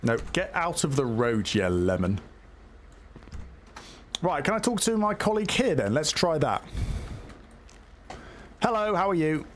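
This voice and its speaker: A man's voice: a little high, sing-song, a little slow, long pauses, slight background noise. Chatty man hesitantly commentating gameplay. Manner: hesitant, chatty, lots of fillers and self-talk. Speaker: streamer playing a police game.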